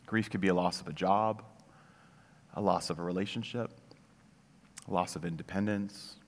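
A man with a lowish voice gives a casual sermon in a loose, conversational way. He searches for words and often restarts his sentences. His voice carries a long hall reverb. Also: fairly even intonation, moderate pace. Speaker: pastor.

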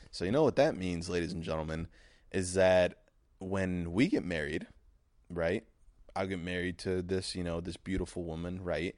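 A young man hosting a solo podcast, crude and sarcastic, full of profanity, who now and then breaks into mock shouting. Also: deep voice, fairly even intonation, moderate pace, no room sound, studio quality. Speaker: podcast host. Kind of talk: solo comedic podcast rant.

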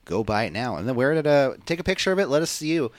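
A man with a mid-range voice co-hosts a wrestling podcast, talking rapid-fire in a casual, animated, rambling way full of fillers. The recording is dry.

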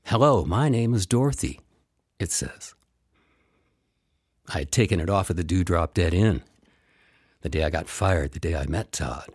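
A man with a low, husky voice tells a first-person story, wry and meandering, circling back on his own phrases. The sound is close and dry, with no room around it. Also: moderate pace, pauses often, no echo.

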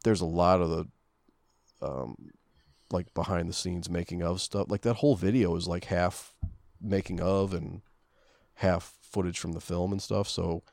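A man's voice: low-pitched, steady tone, a little slow, vocal fry, a little mellow, dry recording. A man co-hosting a casual movie commentary podcast, talking hesitantly with many fillers. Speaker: podcast co-host.

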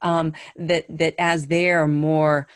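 A woman's voice: low-pitched, flat delivery, slow, no echo, studio quality. A woman interviewing a guest in a thoughtful, searching, reflective way. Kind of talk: conversational podcast interview.

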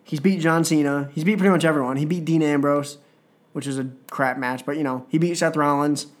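Excited podcast guy rambling on, kinda high voice, lots of little asides. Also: a little fast. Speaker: wrestling podcast host. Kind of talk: casual podcast commentary.

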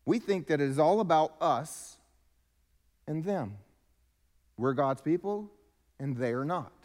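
High-voiced male preacher in a reverberant hall. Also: a little mellow. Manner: preaching with emphatic rises and drops in volume. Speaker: pastor. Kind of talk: sermon.

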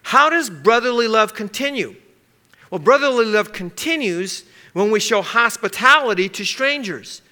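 A man's voice: high-pitched, animated, moderate pace, bright, forceful tone. A male pastor giving a conversational sermon, now and then acting out short everyday scenes for his congregation. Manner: conversational, asks the congregation to circle words, acts out little scenes.

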